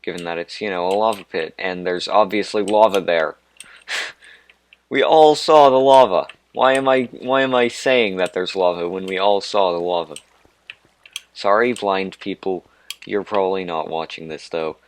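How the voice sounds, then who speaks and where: A man's voice: sits low, steady tone, moderate pace. A man giving rambling, self-mocking commentary over his own gameplay. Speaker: let's play host.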